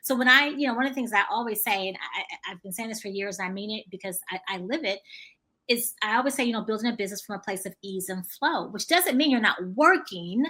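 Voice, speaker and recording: A woman hosting a podcast interview, telling stories in a lively way and acting out the dialogue. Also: mid-range voice, fast. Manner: animated storytelling, acting out dialogue. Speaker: podcast host. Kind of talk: casual conversational interview.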